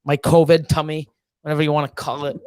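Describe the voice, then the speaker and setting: This reptile-keeping live stream host is a fast talker with a notably high, clean-toned voice, heard dry and close with no room sound. He swears freely, tells lively stories, laughs often mid-sentence, and acts out quoted exchanges in different voices.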